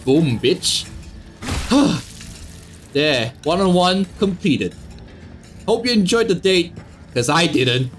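A young man giving sarcastic let's play commentary on a horror game, swearing and yelling at jump scares. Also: on the high side, animated, slow, pauses often, soft background music. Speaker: gaming YouTuber.

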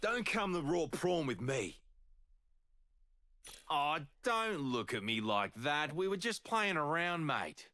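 An actor with an Australian accent playing a rowdy, boastful older demolitions brawler in video game voice lines, gruff and jokey. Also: male voice, fairly high pitch, big pitch swings, takes it slowly, sharp tone, exaggerated voice. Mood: cocky, taunting.

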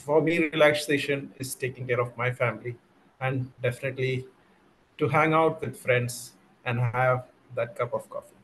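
A man's voice: mid-range voice, fairly even intonation, moderate pace, a bit bright, slight background noise, rough recording. A man giving a jovial impromptu speech over a video call, swinging his voice for emphasis. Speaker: impromptu speaker at a club meeting.

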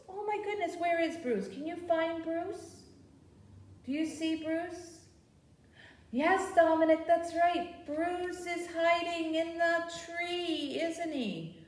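A woman's voice: extremely high pitch, takes it slowly. A woman librarian leading a baby storytime, talking in a sing-song way and asking the little ones questions as she reads a picture book. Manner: animated, sing-song, asks babies questions. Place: library program room. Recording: roomy sound from a distance.

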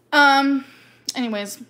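A woman talking in a loose, rambling way during a casual live chat with her viewers, filling pauses with "um" and "like" and laughing easily. Her voice sits a little high and sounds bright and clear. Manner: chatty, rambling, many fillers and laughs. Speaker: live stream host.

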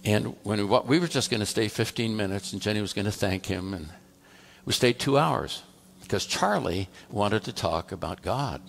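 Male pastor, low gravelly voice, tells a sermon story like he's just chatting, does the back-and-forth dialogue. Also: moderate pace. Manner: conversational, tells a story through quoted dialogue. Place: church.

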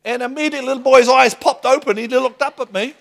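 A middle-aged man preaching a sermon, telling stories in a lively, excitable way and laughing between lines. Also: extremely high pitch, fast talker, creaky. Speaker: pastor. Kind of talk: sermon with storytelling.

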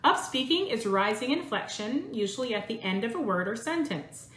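A woman voice coach giving a clear, measured instructional lesson. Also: on the high side, lively intonation, a bit bright. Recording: roomy echo.

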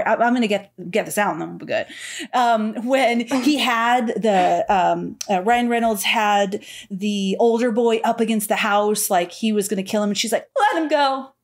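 A woman co-hosting a podcast, ranting in an animated, exasperated way and mimicking what others said. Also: on the high side, moderate pace. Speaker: podcast co-host. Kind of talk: casual chat.

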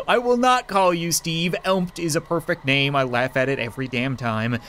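A gaming YouTuber, a man, doing let's play commentary in a joking, excitable way, talking back to the characters on screen. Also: fairly high pitch, normal speed, slight background noise.

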